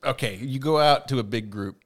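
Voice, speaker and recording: A man's voice: mid-range voice, brisk. A man chatting casually on a comedy podcast, ranting and joking with friends and laughing often. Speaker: podcast co-host.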